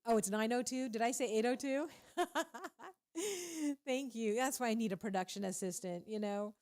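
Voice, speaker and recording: A woman with a fairly high, slightly mellow voice speaks at normal speed in a steady tone. Hosting faith-based radio, she chats casually yet preachily into a studio mic, full of animation and frequent laughter.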